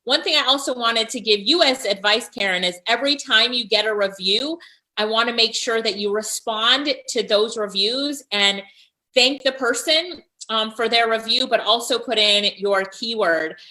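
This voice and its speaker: A woman hosts a live-stream Q&A, coaching freelancers in an upbeat, encouraging way. Her voice is bright and sharp and sits a little high. She warmly reads out comments from her viewers. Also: moderate pace, rough recording.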